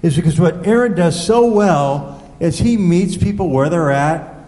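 Brief: a male preacher with a slightly higher voice, storytelling in a reverberant hall. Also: measured pace. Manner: conversational, animated storytelling with asides to the audience. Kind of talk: sermon storytelling.

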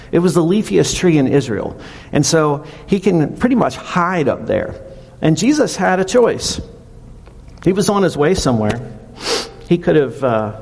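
A man's voice: fairly high pitch, creaky, a little mellow, husky. A male pastor preaching a casual, conversational sermon, retelling a story with animation. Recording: long reverb of a hall.

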